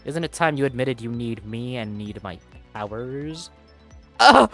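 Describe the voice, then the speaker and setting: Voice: medium pitch, moderate pace, faint music behind. A streamer reading a game's dialogue aloud and joking and swearing between lines. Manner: reads characters' lines, then jokes and swears in between. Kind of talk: playing a game and voicing its dialogue aloud.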